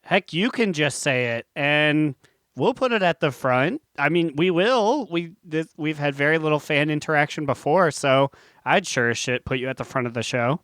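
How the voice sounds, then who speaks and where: A man's voice: on the high side, lively intonation, moderate pace, fairly bright tone, smooth, no room sound. A man co-hosting a casual gaming podcast, telling stories in a laid-back, chatty way. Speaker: podcast co-host.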